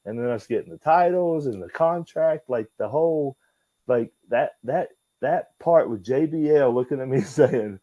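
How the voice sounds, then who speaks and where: Animated man telling stories. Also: medium pitch, moderate pace, no room sound, highs cut off. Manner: animated, profane, acts out dialogue with voices. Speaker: guest, former wrestler. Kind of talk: casual storytelling interview.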